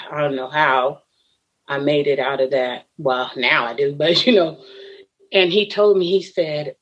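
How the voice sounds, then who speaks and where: Low-voiced woman telling a personal story. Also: highs cut off. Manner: earnest, laughs often between lines. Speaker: podcast guest.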